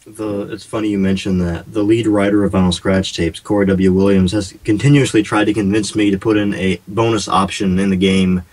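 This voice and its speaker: A man's voice: sits low, little pitch movement, fairly quick, hardly any pauses, a little mellow, low-quality recording. A man, a game developer guest, talking casually on an internet radio interview and explaining at length.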